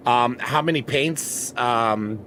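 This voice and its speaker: A man's voice: medium pitch, slow, fairly bright tone, a little hiss or hum. A man streaming, chatting casually with friends and talking himself through tasks as he goes. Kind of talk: casual livestream chat with friends.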